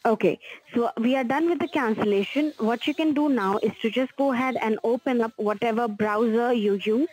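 A woman's voice: fairly high pitch, a little fast, few pauses, darkish tone, husky. A woman making a scam phone call, speaking patiently and in scripted phrases. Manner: patient, scripted, repeats "sir". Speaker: scam caller.

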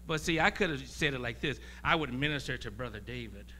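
A man preaching as a guest pastor, talking in a conversational way, laughing and swinging from quiet asides to loud emphasis. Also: medium pitch, animated, fairly quick, slight background noise. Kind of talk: sermon.

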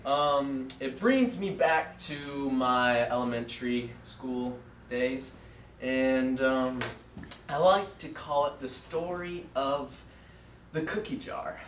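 A young man giving a student sermon in a classroom. He tells a childhood story earnestly, with frequent fillers and pauses. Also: medium pitch, slight background noise. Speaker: student preacher. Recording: roomy echo from far off.

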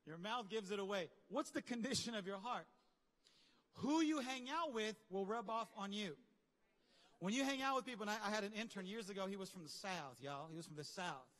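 Male pastor, high-pitched, lively conversational preacher, reverberant hall sound. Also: fairly quick. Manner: animated, conversational preaching with slang and asides. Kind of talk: sermon. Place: large church hall.

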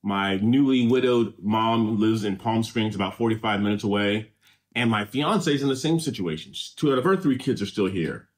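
A man's voice: lowish voice, normal speed. A middle-aged man from Southern California, co-hosting a casual reaction show and reading viewer comments aloud in an easygoing, rambling way.

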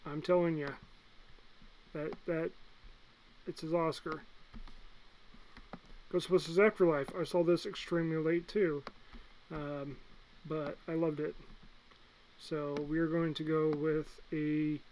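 A young man with a slightly high voice ranks movies in an easygoing vlog. He talks bluntly and excitably, jumping from loud bursts to low mutters. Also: slow, pauses often, a little hiss or hum, poor audio. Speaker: movie reviewer. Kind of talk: casual movie ranking vlog.

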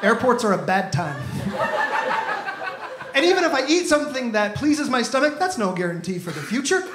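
A stand-up comedian with a strikingly high voice works the room in an animated, exasperated way. His handheld mic picks up a roomy, echoing club. Loud audience ambience sits behind him. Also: moderate pace, heavy background noise. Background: audience laughter.

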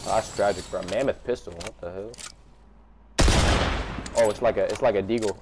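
A young man giving slangy, excitable gameplay commentary, trash-talking opponents as he plays. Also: on the low side, normal speed, pauses often. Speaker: gaming YouTuber. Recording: noisy game audio behind. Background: game sounds.

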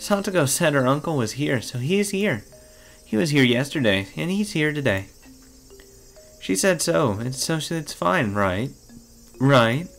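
A man's voice: a little high, animated, a little slow, creaky, faint music behind, voice pushed up. A man voicing a sweet-voiced teenage girl with a creepy undertone, who keeps pressing with singsong questions. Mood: eerily calm.

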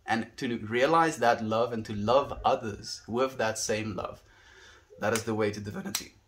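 A man's voice: lowish voice, moderate pace, slight background noise. A young South African man on a daily livestream, musing earnestly and reading chat messages aloud.

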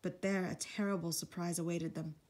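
A woman reading a children's storybook aloud in a steady, measured way. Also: lowish voice. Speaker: audiobook reader. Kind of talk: storybook narration.

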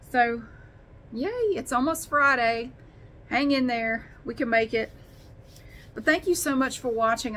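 A woman's voice: medium pitch, fairly bright tone, slight background noise. A middle-aged woman chatting casually in a home vlog, rambling and talking to her cats. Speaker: vlogger.

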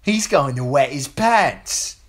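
Brief: cocky baker's boy played by a man, pitched high, pushy and goading. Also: lively intonation, slow. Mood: taunting. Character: sunburnt baker's orphan boy, pushy and bullying.

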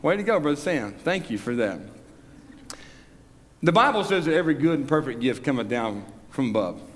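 Male pastor preaching in a church sanctuary; high and animated, swelling on key lines. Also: normal speed. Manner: preaching with rising emphasis and scripture quotes. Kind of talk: sermon. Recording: long church reverb.

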